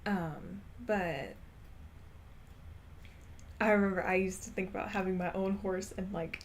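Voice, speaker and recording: Woman, slow, unhurried talk, giggly and rambling, faint room hiss. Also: medium pitch, fairly even intonation. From Texas. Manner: giggly, rambling, laughs often. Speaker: streamer. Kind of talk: casual chat while gaming.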